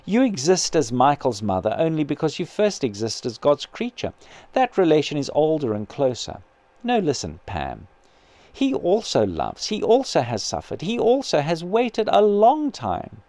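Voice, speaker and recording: A calm, kindly male spirit, read by a man, speaking in an earnest, patient voice that still rises and falls a lot. Close and dry. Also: fairly high pitch, normal speed, no room sound. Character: patient gentle male spirit, her brother.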